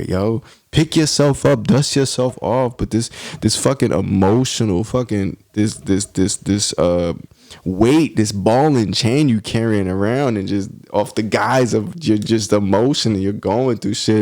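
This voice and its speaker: A man's voice: lowish voice, animated, moderate pace, gravelly, darkish tone, no room sound, studio quality. A man hosting a podcast, talking in a blunt, profane, passionate monologue about faith and self-improvement. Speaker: podcast host.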